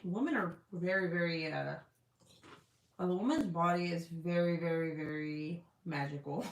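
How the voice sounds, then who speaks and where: A livestream host chats casually with her audience, candid and talkative, swearing freely. Her voice sits on the low side at a measured pace, and the recording has a roomy echo.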